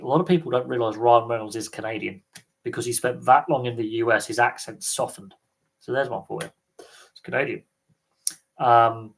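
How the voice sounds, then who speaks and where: A man's voice: mid-range voice, poor audio. A man hosting a casual live Q&A, rambling and thinking aloud with frequent fillers and restarts. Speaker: sports livestream host.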